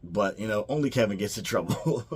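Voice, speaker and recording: Low-voiced man rambling through a movie recap. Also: animated, normal speed, slight background noise. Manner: rambling, many fillers and restarts, quotes characters. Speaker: movie reviewer.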